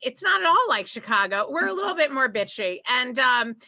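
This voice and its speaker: A woman's voice: sits high, very animated, brisk, creaky, pushed and bright. A woman with a Boston accent doing a stand-up set over a video call, brash and self-mocking. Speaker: comedian.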